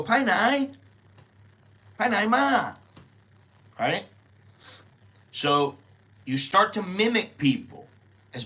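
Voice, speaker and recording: A man's voice: medium pitch, sharp tone. An older American man who is a vlogger, talking in a rambling, chatty, unscripted way and thinking aloud as he goes. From United States. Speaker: vlogger living in Thailand. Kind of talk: casual unscripted monologue.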